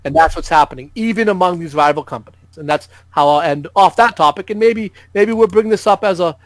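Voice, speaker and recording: Man, podcast guest, high voice, dry close sound, chatty, jokey. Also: a little fast, no echo, rough recording. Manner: explanatory, jokey. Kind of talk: casual gaming podcast chat.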